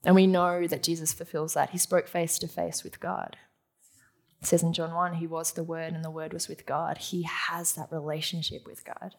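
A woman's voice: sits low, little pitch movement, moderate pace, gravelly. A woman preaching a sermon to a live audience in a teaching manner, asking the room questions and answering them.

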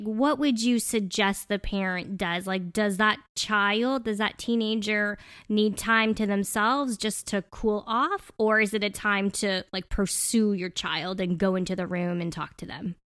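A woman's voice: mid-range voice, measured pace, clean tone, dry recording, clean studio sound. Affirming woman podcast co-host. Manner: warm affirming listener, asks thoughtful questions. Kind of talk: podcast interview.

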